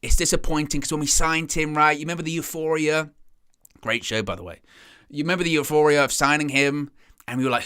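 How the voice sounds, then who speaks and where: A man hosts a fan channel stream in a casual, rambling chat, reading out viewer comments. His voice is bright and animated. He slips into little imagined voices of other fans now and then. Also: fairly high pitch, fast talker, smooth.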